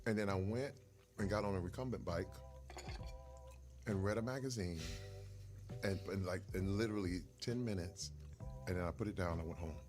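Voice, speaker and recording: Animated middle-aged man telling stories. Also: low-pitched, moderate pace, pauses often, over music. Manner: animated storyteller, laughs often. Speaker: guest, retired football player. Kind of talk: casual storytelling over a meal.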